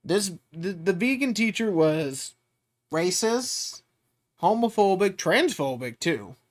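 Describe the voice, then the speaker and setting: A man's voice: sits high, big pitch swings, slow. A man hosting a podcast, chatting casually and laughing often. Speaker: podcast host. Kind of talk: casual chat.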